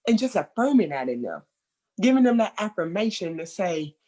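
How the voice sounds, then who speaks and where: Over a video call, a woman who works at a children's center shares her experience in a casual training discussion. Her medium-pitched voice moves at normal speed, and she's expressive and conversational, dropping lots of fillers like "like."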